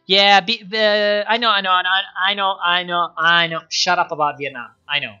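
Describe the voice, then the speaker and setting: A man streaming a strategy game, excitable, swearing and laughing as he comments on his moves. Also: high-pitched, normal speed, clear, resonant tone, dull audio, soft background music.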